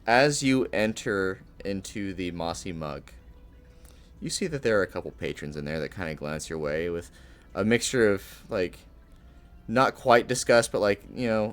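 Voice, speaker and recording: A man narrating a tabletop game as game master, relaxed and descriptive with casual fillers. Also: low voice, normal speed.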